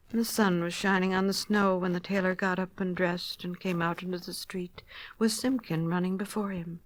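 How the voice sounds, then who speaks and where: Woman, storybook narrator, gentle expressive read-aloud, dry recording. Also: lowish voice, normal speed, no echo.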